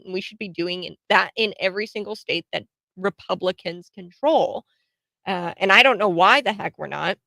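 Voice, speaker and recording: A woman's voice: medium pitch, normal speed, creaky, dry recording. A woman hosting a casual political commentary show, talking to camera with lots of fillers, restarts and laughs. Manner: animated, laughs often, frequent fillers and restarts. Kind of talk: casual opinion monologue to camera.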